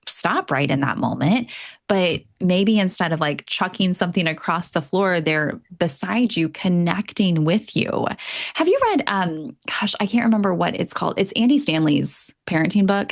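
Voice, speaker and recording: A woman's voice: on the low side, expressive, moderate pace, gravelly. A woman hosting a podcast as an emotional wellness coach, chatting casually with a guest over a remote call and affirming her with lots of fillers.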